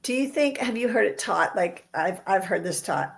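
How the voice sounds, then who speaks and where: A woman's voice: medium pitch, expressive, normal speed, vocal fry. A woman co-hosting a faith podcast, talking earnestly and acting out quoted voices in casual discussion. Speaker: podcast co-host.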